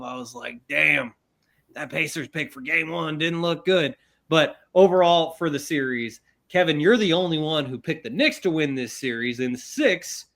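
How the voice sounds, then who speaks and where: A man's voice: on the high side, a bit bright. A man hosting a casual sports podcast, teasing a co-host and putting questions to him.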